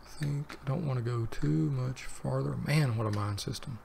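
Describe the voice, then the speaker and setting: A man's voice: medium pitch, normal speed, gravelly, a little mellow, a little hiss or hum. A man hosting a let's play, chatting casually to himself as he plays and drifting between the game and personal tangents. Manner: rambling, talks to himself while playing. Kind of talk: casual gameplay commentary.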